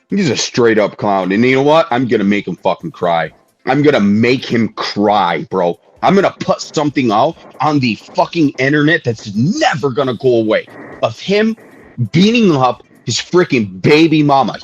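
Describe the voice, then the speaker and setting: Over a muffled streaming mic with no echo, a man with a mid-range, slightly breathy voice unloads an angry livestream rant. He swears, stays heated, and keeps repeating the same digs.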